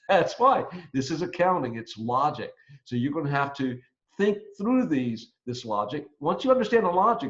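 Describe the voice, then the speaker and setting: Casual accounting lecturer. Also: male voice, mid-range voice. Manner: casual, animated teaching with fillers and jokes. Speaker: accounting professor. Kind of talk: recorded lecture. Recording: dull, lo-fi lecture recording.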